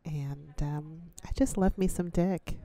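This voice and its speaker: Low-voiced woman, laid-back and bawdy. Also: slow pace, mellow, slight background noise. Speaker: podcast co-host. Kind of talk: casual chat about a book.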